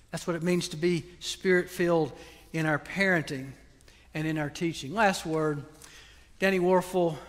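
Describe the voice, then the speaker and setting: An older man preaching a sermon as pastor, earnest and pleading, then praying softly. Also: sits high. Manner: earnest, pleading preaching that drops soft into prayer. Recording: long hall reverb.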